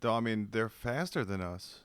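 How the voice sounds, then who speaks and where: A man in casual comedic chat as co-host, making crude deadpan jokes. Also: on the low side, moderate pace, clear, resonant tone, dry recording, clean studio sound.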